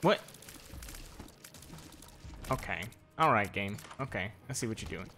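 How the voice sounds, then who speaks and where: A young man making a gaming video offers laid-back commentary and talks at the enemies he faces. His voice is fairly low and sharp in tone, with lively intonation and an unhurried delivery, while game music plays faintly.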